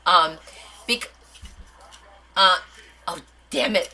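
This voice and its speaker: A woman's voice: medium pitch, very animated, takes it slowly, pushed and bright, rough recording. A woman hosting a live craft stream, chatting casually with her viewers and answering their comments as she demonstrates. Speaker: craft livestream host.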